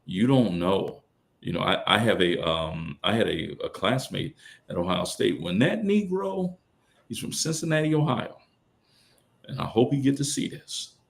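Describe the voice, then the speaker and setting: A middle-aged man speaking as a podcast guest, telling colloquial stories, acting out other people's lines, and swinging from loud bursts to hushed asides. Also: fairly low pitch, animated, moderate pace, gravelly. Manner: colloquial, quotes others in character. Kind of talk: casual storytelling on a podcast.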